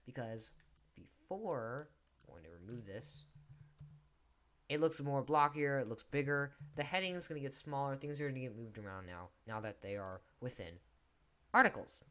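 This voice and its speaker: A man's voice: mid-range voice, moderate pace, sharp tone. Casual man teaching code while typing. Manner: casual, self-deprecating, talks while typing. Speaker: coding tutorial host. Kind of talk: screen-recorded coding tutorial. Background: keyboard typing and clicks.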